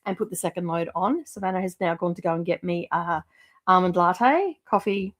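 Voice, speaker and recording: A woman's voice: on the low side, normal speed. A middle-aged woman, chatting casually as host of a livestream, rambling with lots of fillers and laughs.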